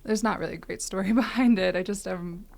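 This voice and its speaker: A woman in her thirties, a thru-hiker guest chatting in a low-key way with light laughs. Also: fast talker, creaky, a little mellow. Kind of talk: casual interview chat.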